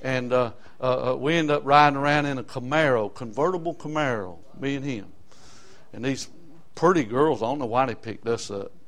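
A man's voice: medium pitch, moderate pace, a bit bright. An older man with a South Carolina Southern accent preaching a fiery, folksy sermon in colloquial grammar.

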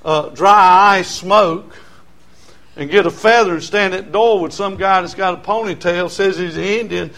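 Older preacher, high gravelly voice. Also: male voice, normal speed. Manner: folksy storytelling, swings from quiet to shouting. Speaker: pastor. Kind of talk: sermon.

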